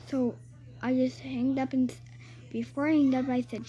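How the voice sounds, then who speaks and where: A woman's voice: sits high, fairly even intonation, normal speed, dark tone, slightly rough. A woman telling a rambling personal story in a chatty way, with fillers and restarts.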